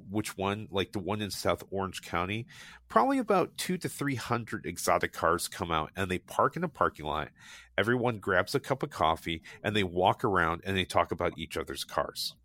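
A man with a somewhat low but bright, forceful voice tells stories in a casual, enthusiastic way. He circles back, restarts sentences and fills gaps with ums. The recording is dry and close, with no room sound. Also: no room sound. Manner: enthusiastic, rambling, frequent restarts and fillers. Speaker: guest recommending local car meets. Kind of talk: casual conversational storytelling.

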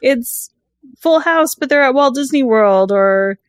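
A woman with a slightly high voice talking in an easy, eager way and leaning on fillers as she riffs. The recording is close and dry. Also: expressive, measured pace, clear, resonant tone, dry recording. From California. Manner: enthusiastic, many fillers like "like" and "you know". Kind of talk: casual chat.

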